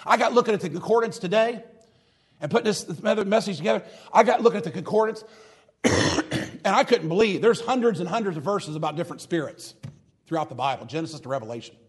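Husky-voiced man preaching a folksy sermon. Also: high voice, fast talker. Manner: folksy, mocking, preaching with rising and falling intensity.

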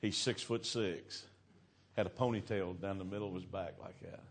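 Middle-aged preacher, man, folksy and exclamatory, slightly low voice. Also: fairly even intonation, normal speed. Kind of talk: evangelistic sermon with storytelling.

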